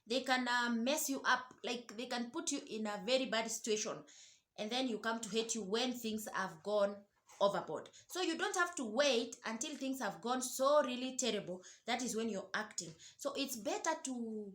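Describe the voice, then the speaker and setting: A woman's voice: on the high side, moderate pace, fairly bright tone. Earnest woman host in an echoey room. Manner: earnest, repeats words and restarts, rhetorical questions. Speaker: show host giving parenting advice. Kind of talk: advice talk to camera.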